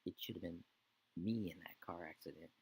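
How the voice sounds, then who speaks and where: Guy voicing a sad young wife in a game story, soft pleading, gravelly low voice. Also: a little fast, exaggerated voice, poor audio. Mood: heartbroken. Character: grieving young wife blaming herself.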